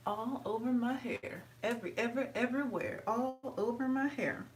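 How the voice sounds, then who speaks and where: Recorded far from the mic on rough audio, this woman talks at a moderate pace through her hair routine. She's a chatty vlogger making casual tutorial small talk, and she coos at her dog in a high, sweet tone.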